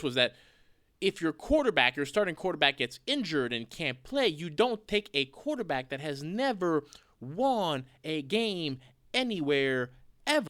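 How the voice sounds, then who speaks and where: A man hosting the show, giving measured political commentary in a lecturing way. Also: on the high side, fairly bright tone, no echo, studio quality. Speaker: channel host.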